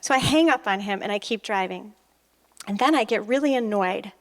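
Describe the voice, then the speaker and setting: A middle-aged woman giving a motivational talk on stage, telling personal stories in an animated way and acting out conversations. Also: medium pitch, a little fast. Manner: animated storyteller who acts out conversations and laughs often. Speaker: motivational speaker and author. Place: stage at an expo.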